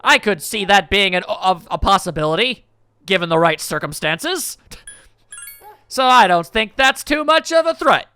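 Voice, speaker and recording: A man's voice: high-pitched, animated, normal speed, pushed and bright, clean tone, no room sound. A man commenting casually on a game he plays, joking and rambling in asides. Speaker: let's play commentator.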